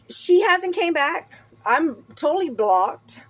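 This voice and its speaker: Middle-aged woman, high voice, rambling profane vlogger venting about her day. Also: expressive, a little slow. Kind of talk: casual ranting vlog.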